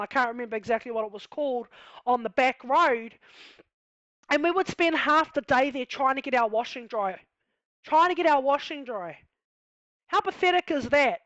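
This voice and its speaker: A woman's voice: high-pitched, a bit bright, no room sound. A woman with a New Zealand accent telling her own life story in a candid, heartfelt, casual way, full of "you know" and "like". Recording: dull lo-fi sound.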